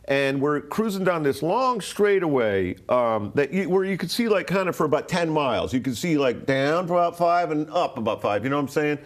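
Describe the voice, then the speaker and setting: A Rhode Island man in his sixties rambles through a personal story as an interview guest, full of "like," restarts and swearing. His voice is on the high side and sing-song, a little fast, with hardly any pauses.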